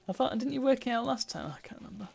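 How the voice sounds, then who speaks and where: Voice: mid-range voice, gravelly, a little mellow, slight background noise. A streamer giving chatty live gameplay commentary, thinking aloud and breaking into playful cheers.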